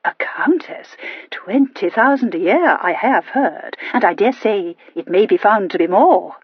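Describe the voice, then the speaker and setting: Lady doing a loud gossipy society wife, tart and gushing, pitch swoops all over, dull lo-fi sound. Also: lively intonation, measured pace, breathy edge, dry recording. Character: tart, gossipy worldly young married woman.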